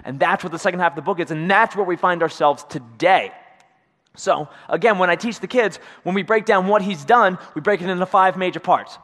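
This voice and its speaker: This pastor's voice is high, a little fast, and fairly bright in tone, recorded in a large hall. He gives a conversational sermon in a church sanctuary, acting out quotes and checking in with "right?" again and again.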